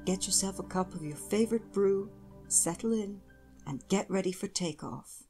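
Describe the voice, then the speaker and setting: A woman host giving a slow, inviting scripted welcome. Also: medium pitch, warm tone. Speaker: podcast host. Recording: distant voice over clear music.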